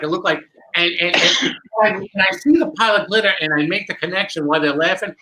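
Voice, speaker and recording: A man, a magician guest, telling a long animated story with many restarts in a candid interview. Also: sits high, fast talker, poor audio.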